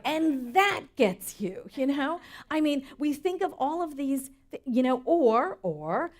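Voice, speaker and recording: A woman's voice: sits high, sing-song, slow. A middle-aged woman minister preaching a sermon in an earnest, storytelling way that rises for emphasis.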